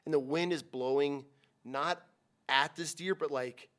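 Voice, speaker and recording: A man from Utah, a hunting guide, telling a wild hunting story as a podcast guest in loose, swearing casual chat, acting out the lines with sudden jumps and hushed whispers. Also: measured pace. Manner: animated, swearing, acts out quotes with big pitch jumps and whispers.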